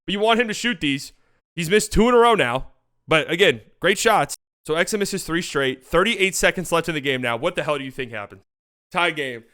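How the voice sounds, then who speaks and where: A man hosting a sports channel, talking through game footage in a casual, excitable way, swearing and joking freely. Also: a little high, fairly quick. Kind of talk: casual game-film breakdown commentary.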